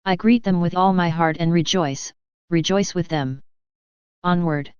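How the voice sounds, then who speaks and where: An agitated young male asylum patient, read by a woman narrator with a low, very clear voice. He throws out bitter, accusing outbursts. The recording is dry and slightly dull, as from a storybook audiobook. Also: unhurried, dry recording, lightly acted. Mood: fervent.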